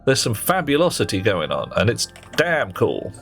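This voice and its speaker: A man streaming a game chats with viewers in a playful, teasing way and mutters to himself as he works. His lowish voice swoops wildly in pitch at a moderate pace. Soft music plays in the background.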